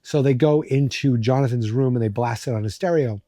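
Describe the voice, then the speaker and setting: Mellow, rambling male podcast host. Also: medium pitch, a little fast, no echo, studio quality. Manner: rambling, joking, many fillers. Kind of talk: casual episode recap.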